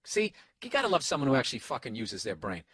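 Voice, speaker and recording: A man's voice: mid-range voice, huge pitch swings, fast talker, a bit bright, slightly rough, no echo. A man ranting sarcastically and profanely on a casual comedy podcast, recorded on a single microphone in a hotel room. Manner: profane, sarcastic, acts out quoted voices. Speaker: podcast host. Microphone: single microphone, no headphones.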